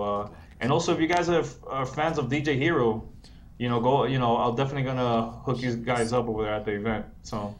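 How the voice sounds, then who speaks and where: A man's voice: mid-range voice, a little hiss or hum. A man as a guest on a video call, talking laid-back and repeating himself often. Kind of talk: casual interview.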